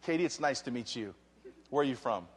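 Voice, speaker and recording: A man's voice: medium pitch, expressive, a little fast, slightly rough. A man preaching and praying fervently to a live audience, joking and rousing the crowd. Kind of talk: energetic sermon with prayer. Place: large hall with live audience. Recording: long hall reverb.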